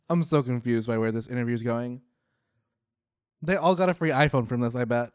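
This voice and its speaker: A young man making casual, sarcastic reaction commentary, swearing and tossing off quick jokey asides. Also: mid-range voice, animated, no echo, studio quality.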